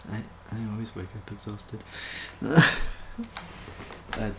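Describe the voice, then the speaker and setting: A man's voice: fairly low pitch, takes it slowly, roomy sound, very noisy. A British man from the UK casually reading jokes aloud in an amused, self-mocking way. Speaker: YouTuber.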